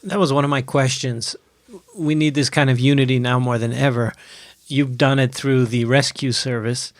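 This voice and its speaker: A man's voice: mid-range voice, fairly even intonation, normal speed, no room sound. A man co-hosting a casual interview, asking long, thoughtful questions. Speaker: podcast co-host.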